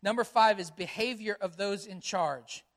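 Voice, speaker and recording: High, bright-voiced pastor preaching earnestly. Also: male voice, moderate pace. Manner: earnest, repeats key phrases for emphasis; conversational, tells personal family stories. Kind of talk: sermon.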